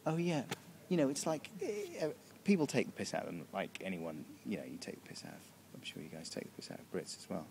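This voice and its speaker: A man's voice: sits low, very animated, fast, gravelly, hardly any pauses, darkish tone, slight background noise. A British man answering interview questions backstage in a casual, rambling way, often restarting his sentences. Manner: rambling, self-interrupting, chuckling. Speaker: comedian interviewee. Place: backstage room.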